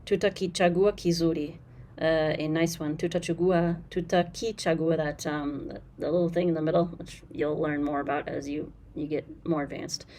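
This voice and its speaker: A woman teaching Swahili in a casual lesson commentary, explaining patiently and repeating phrases slowly with fillers, frank about bad translations. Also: low-pitched, level tone, darkish tone, a little hiss or hum.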